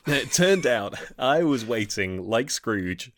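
A man's voice: medium pitch, sing-song, takes it slowly, a bit bright, no room sound. A man co-hosting a casual film podcast, talking with wry, dry humor. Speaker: podcast co-host.

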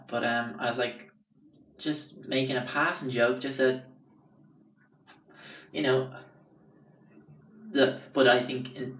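A young Irish man rambles through his stories casually, swearing freely and filling gaps with "um" and "like." His voice sits at a middle pitch and echoes in a roomy space. The sound is dull and a little distant from the mic. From Ireland. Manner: rambling, sweary, lots of fillers. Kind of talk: casual storytelling.

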